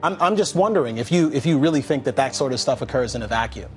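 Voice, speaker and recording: Skeptical man, fast, heard off mic. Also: mid-range voice, animated, darkish tone, soft background music. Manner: skeptical, challenging. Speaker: debate opponent.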